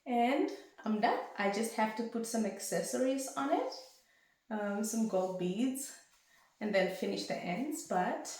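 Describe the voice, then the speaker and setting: A young woman vlogging to camera in a rambling, chatty way at home, with bursts of excitement. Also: on the high side, a little slow. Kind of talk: casual chat to camera. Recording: very echoey room.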